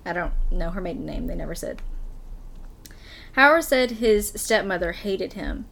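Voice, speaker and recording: A woman's voice: lowish voice, lively intonation, normal speed, creaky, a bit bright. A woman hosting a podcast, telling a true story in casual chat and laughing often. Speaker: podcast host reading a story.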